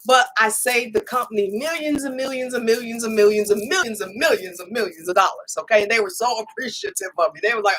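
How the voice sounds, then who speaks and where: A woman, hosting a casual livestream as a spiritual reader, talking in an animated storytelling way, acting out other people's lines and tagging sentences with "okay?". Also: mid-range voice, brisk, a little hiss or hum, rough recording. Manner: chatty, animated storytelling with frequent laughs and "okay?" tags; acts out others' lines in quoted voices. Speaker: spiritual reader and channel host.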